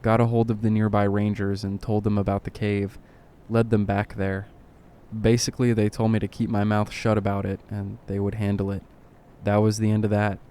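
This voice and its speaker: A man with a low, mellow voice reads horror stories in a flat, deadpan way that barely rises or falls. A faint hiss of noise sits under the recording. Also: normal speed. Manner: low, deadpan delivery with dry asides. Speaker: narrator. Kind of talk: reading horror stories aloud.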